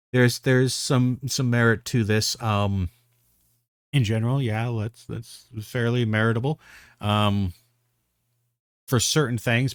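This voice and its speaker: A man's voice: lowish voice, clear, resonant tone, no echo, clean studio sound. A man giving blunt, profane reaction commentary, exasperated and full of restarts. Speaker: commentary streamer.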